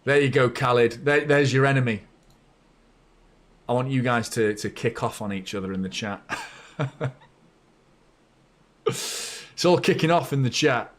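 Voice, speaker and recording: Excitable fan commentator. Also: male voice, medium pitch, a little slow, pauses often. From north of England. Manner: chatty and blunt, bursting into excited shouts at goals. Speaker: fan channel host. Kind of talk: live match watchalong commentary.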